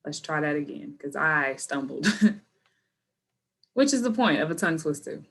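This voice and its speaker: A woman's voice: low voice, moderate pace, fairly bright tone. A woman teacher giving a recorded grammar lesson to students and families, patient and laughing at her own stumbles.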